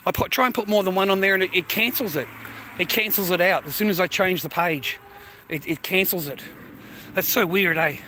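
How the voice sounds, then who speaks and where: A man's voice: high-pitched, fairly quick, sharp tone, a little hiss or hum. A man with an Australian accent, vlogging outdoors while walking through a neighbourhood, rambling crudely and filling his talk with "mate" and "you know.". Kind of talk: rambling casual vlog.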